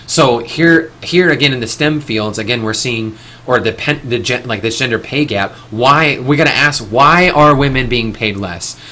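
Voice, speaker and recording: A man hosts a live stream in a bright, forceful, mid-range voice at a moderate pace. He rambles and airs strong opinions, frequently restarting sentences and swearing casually.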